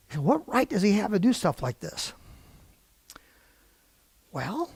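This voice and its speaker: A middle-aged man teaching a Bible prophecy class in an animated, digressive way, with frequent exclamations. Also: medium pitch, gravelly, slightly rough, dry recording. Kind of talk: informal Bible lesson.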